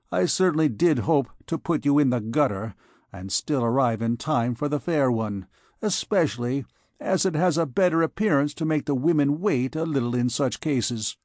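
Brash young captain, quick to draw steel, gallant and boastful, put on by a male narrator. Dry audiobook sound. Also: medium pitch, darkish tone, no echo, lightly acted.

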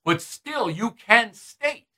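Brief: emphatic, combative man doing opinion commentary, sharp and high-pitched. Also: expressive, takes it slowly, low-quality recording.

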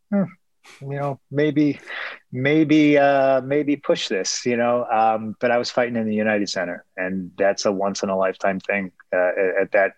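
A man from Chicago talks in a lowish voice, reflecting on his fighting days in earnest, rambling interview answers full of restarts. The sound is dry and close, with no room around it. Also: a bit bright, dry recording, muffled recording. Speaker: former fighter and MMA broadcaster.

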